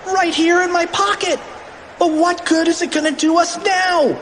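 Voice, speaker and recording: A man voicing an excitable, easily panicked young schoolboy in a storybook, high and yelling. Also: moderate pace, slight background noise. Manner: high-pitched, yelling in alarm.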